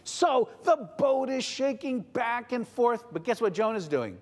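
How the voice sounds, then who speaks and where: A man's voice: extremely high pitch, big pitch swings, unhurried. Playful man telling a story animatedly. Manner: playful, talks directly to the audience. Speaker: storyteller at a family service. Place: synagogue sanctuary. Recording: long reverb of a large hall.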